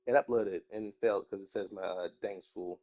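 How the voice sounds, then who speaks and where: Young guy kinda sick and stuffy, low voice, rambling and cussing, dry close sound. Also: steady tone, normal speed, a little mellow, no room sound. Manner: rambling, swears often, trails off into mumbling. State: slightly sick, stuffy nose. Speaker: YouTuber. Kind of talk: casual rambling chat.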